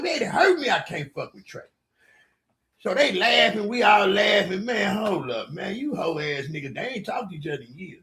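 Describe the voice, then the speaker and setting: A man telling stories in a loud, excitable podcast chat, acting out other people's lines. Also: high-pitched, creaky. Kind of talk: animated storytelling chat.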